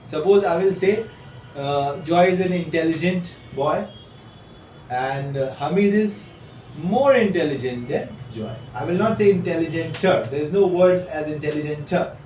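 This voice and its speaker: A man's voice: fairly high pitch, normal speed, a little mellow. A male teacher gives a classroom lesson, explaining patiently and correcting his students. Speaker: English teacher. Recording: echoey room from far off, faint noise.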